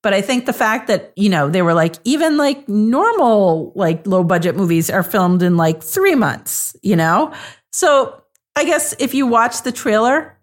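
A woman's voice: mid-range voice, expressive, measured pace. A woman on a podcast panel, chatting casually with many fillers. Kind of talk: casual chat.

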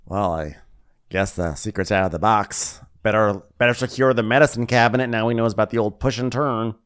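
A man co-hosting a comedy recap podcast in casual chat, sarcastic and quick to laugh. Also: clear, resonant tone. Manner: sarcastic, laughs often, jumps into high mocking voices for quotes. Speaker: podcast co-host recapping a reality show.

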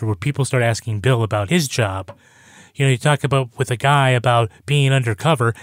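A man on a review podcast talking through his points in a measured, analytical way. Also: mid-range voice, no echo, studio quality. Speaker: podcast panelist. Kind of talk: casual review chat.

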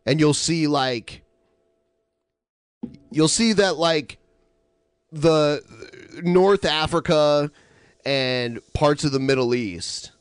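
A man's voice: fairly high pitch, drawn-out words, pauses often, clean tone, no echo, studio quality. A man co-hosting a podcast, explaining points in loose casual chat with lots of fillers. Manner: explains with many fillers and restarts. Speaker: podcast co-host.

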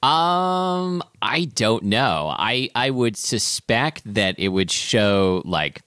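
A man co-hosting a casual food podcast, explaining things in a halting way with many fillers. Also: mid-range voice, very animated, pushed and bright, smooth, no echo, clean studio sound. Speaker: podcast co-host. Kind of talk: casual chat.

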